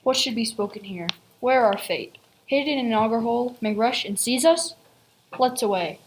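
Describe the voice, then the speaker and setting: A frightened young prince, played by a woman in a school play who speaks in a hushed, wary recitation. The voice sits somewhat high, over faint ambient noise. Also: normal speed, close to an everyday voice, low-quality recording.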